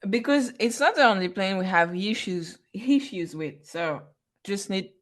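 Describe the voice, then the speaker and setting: A woman's voice: mid-range voice, animated, a little slow, a bit bright. A woman voicing a stubborn, injured young male airplane mechanic who stammers and pleads. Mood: insistent.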